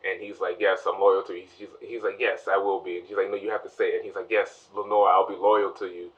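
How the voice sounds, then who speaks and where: A man casually reviews a TV show with spoilers, rambling through the plot and acting out characters' lines in quick voices. His low-pitched voice shows little pitch movement, and the mic is distant, leaving the audio dull.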